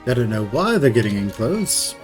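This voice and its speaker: A male game streamer who reacts to his playthrough in a wry, joking way. His voice sits in a middle register but moves a lot, rising and dipping as he talks. Quiet music plays behind him. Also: mid-range voice, sing-song, normal speed. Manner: wry, jokey, playful. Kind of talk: casual game commentary.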